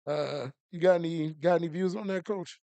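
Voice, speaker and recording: Gravelly male co-host, slightly higher voice, calm news read, dry mic. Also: dry recording. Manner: measured, low-key news commentary. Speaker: podcast co-host. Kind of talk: casual chat and news segment.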